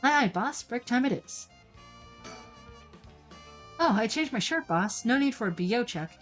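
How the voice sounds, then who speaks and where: Woman reading as a playful young male officer in a game: higher, bouncy, teasing. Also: expressive, measured pace, faint music behind. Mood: cheeky. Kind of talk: reading a video game aloud.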